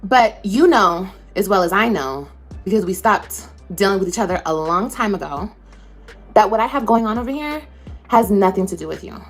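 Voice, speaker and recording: A woman's voice: medium pitch, animated, normal speed, faint music behind. A woman social media creator ranting to camera, confrontational, sarcastic and profane.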